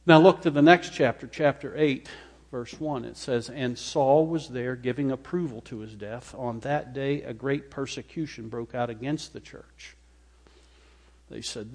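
A male pastor preaching a sermon, reading scripture aloud and commenting on it, with rising bursts of emphasis that drop back to a low, quiet tone. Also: measured pace. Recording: hall reverb.

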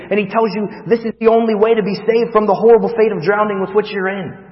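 Man, preacher, sermon, vivid hushed-to-loud storytelling, long church reverb. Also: sits high, fast talker. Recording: long reverb, dull lo-fi sound.

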